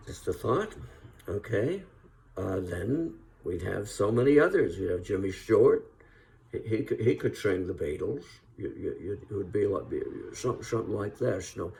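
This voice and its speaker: A man's voice: fairly low pitch, expressive, moderate pace, creaky, darkish tone. A man rambling through a casual comic monologue of impressions. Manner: rambling, trailing off. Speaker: impressionist drummer.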